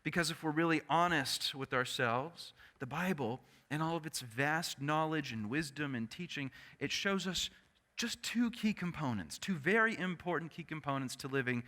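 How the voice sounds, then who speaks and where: A male pastor preaching a sermon in an animated storytelling manner, often turning to the congregation with asides. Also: fairly high pitch, normal speed. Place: church sanctuary. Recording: echoey church sanctuary.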